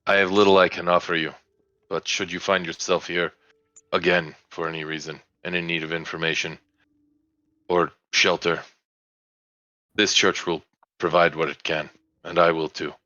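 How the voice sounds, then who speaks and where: A man's voice: deep voice, little pitch movement, moderate pace, pauses often, sharp tone, no room sound, muffled recording. A man voicing a solemn old village priest.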